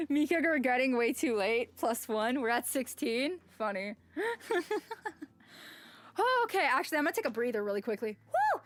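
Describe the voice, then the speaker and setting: A woman's voice: fairly high pitch, lively intonation, normal speed, long pauses. A woman streaming a game, reading its text aloud and chatting casually, with frequent sighs and exclamations. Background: faint music.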